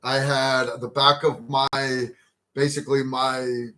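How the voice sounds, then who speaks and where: A man's voice: medium pitch, flat delivery, a little slow, bright, forceful tone. A man hosting a casual livestream, rambling and joking about himself. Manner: joking, rambling, self-deprecating. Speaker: livestream host.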